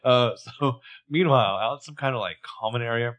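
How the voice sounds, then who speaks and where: A man's voice: medium pitch, fairly quick, a bit bright. A man co-hosting a podcast, giving dry, sarcastic commentary in casual chat. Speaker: podcast co-host.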